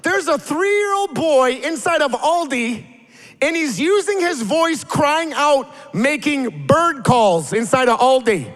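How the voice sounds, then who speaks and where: A man in his forties preaching a sermon, telling stories in an animated way and building to emphatic calls. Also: extremely high pitch, slow, long reverb tail. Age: 40s. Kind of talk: sermon with storytelling.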